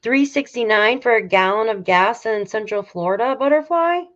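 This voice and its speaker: A woman from New York State hosting a casual livestream, reading viewer comments aloud and reacting with loud exclamations and casual swearing. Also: a little high, animated, moderate pace. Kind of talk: casual live chat. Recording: slightly dull lo-fi audio.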